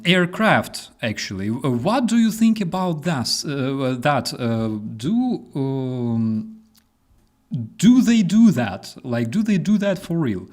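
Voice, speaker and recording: Young Ukrainian male host, casual English with an accent, mid-pitched voice, filler-heavy. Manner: storytelling with many fillers and restarts. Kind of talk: casual chat.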